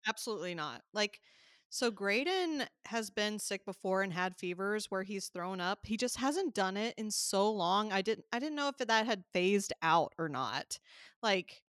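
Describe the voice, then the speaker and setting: A woman co-hosting a podcast, talking in a relaxed, candid casual chat. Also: medium pitch, a little slow, no room sound, clean studio sound. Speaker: podcast co-host.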